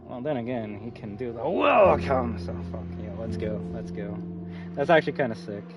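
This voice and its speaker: A man's voice: fairly low pitch, fairly quick. Swearing, rambling male game streamer. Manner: rambling, swearing, frequent fillers and restarts. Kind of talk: casual live-stream commentary. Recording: slightly muffled with faint music.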